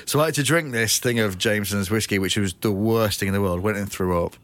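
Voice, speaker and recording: Rambling, low-voiced male comedian telling stories. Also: fast, fairly bright tone. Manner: rambling anecdotes with lots of acted-out reported speech and swearing. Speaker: comedian guest. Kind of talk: casual storytelling chat.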